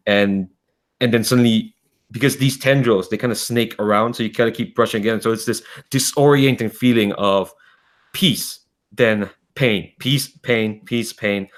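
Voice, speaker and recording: A man with a low voice narrates a tabletop game as game master. His descriptions wander and restart, thick with fillers. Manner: rambling, halting narration full of fillers and restarts.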